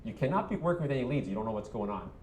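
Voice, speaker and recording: Echoey real estate coach, punchy delivery. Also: male voice, medium pitch, expressive, very fast, darkish tone, slight background noise. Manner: punchy, keeps asking "yes or no?" to the room. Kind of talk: coaching session to a room of agents.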